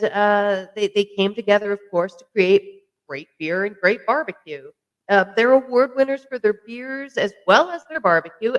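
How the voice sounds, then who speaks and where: A chatty podcast host rambles to the camera at an easy, conversational pitch. The voice is smooth and clear, full of fillers and self-corrections. Now and then they pause for a sip. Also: rough recording. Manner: sips a drink while talking. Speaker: podcast host reviewing beer. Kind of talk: casual chat to camera.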